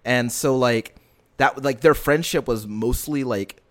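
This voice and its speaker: A man's voice: medium pitch, measured pace. A man in casual chat, retelling a story earnestly in a rambling way with lots of fillers and restarts. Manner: earnest and emotionally invested.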